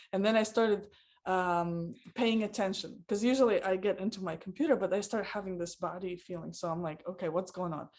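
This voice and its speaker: A woman's voice: lowish voice, darkish tone. Woman telling a family story. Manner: storytelling, halting with many fillers. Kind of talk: casual podcast chat.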